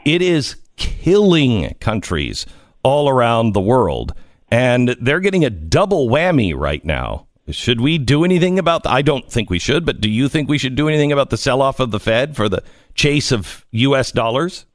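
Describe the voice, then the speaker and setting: A man's voice: medium pitch, very animated, normal speed, dry recording, clean studio sound. A middle-aged man hosting a casual talk radio show, self-deprecating and asking pointed questions. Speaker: radio host. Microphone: studio microphone.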